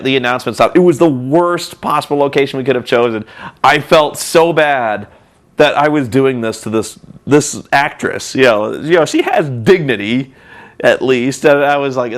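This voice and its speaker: A man's voice: medium pitch, normal speed. A man hosting a vlog, telling a rambling, profane, self-mocking story. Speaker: vlog host and reviewer.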